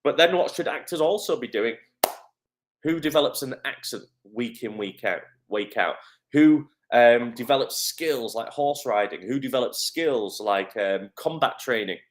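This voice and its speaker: A middle-aged man with a Northern English accent, an acting coach giving a live coaching talk, encouraging and energetic, answering viewer comments. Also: medium pitch, unhurried.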